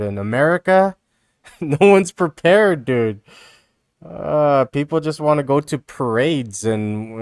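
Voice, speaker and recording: Dude streaming, clear voice, dead dry sound, rambles and mocks, says dude a lot. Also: male voice, medium pitch, darkish tone, no room sound. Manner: rambling, repetitive, mocking, peppered with "dude" and "you know". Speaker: live streamer reacting to videos. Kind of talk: casual rambling stream commentary.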